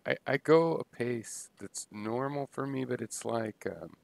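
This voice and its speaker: A man thinking aloud in a halting, unscripted philosophical monologue, full of pauses and restarts. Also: medium pitch, gravelly. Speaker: video blogger musing on philosophy.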